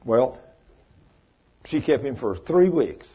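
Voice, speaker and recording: A man preaching, telling stories in a folksy, animated way and acting out the voices in them. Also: medium pitch, slow pace, slightly rough. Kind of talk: sermon storytelling. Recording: muffled lo-fi recording.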